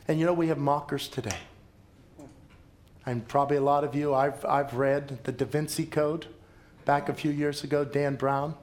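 A pastor preaches with a slightly high voice, telling stories with drama and hammering points home through repetition. He swings from hushed, low moments to emphatic lines. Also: normal speed. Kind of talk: sermon.

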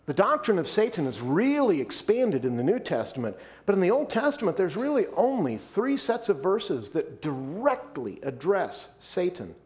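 A male pastor with a high voice preaches emphatically, slowing down and lowering his voice to underline the key points.

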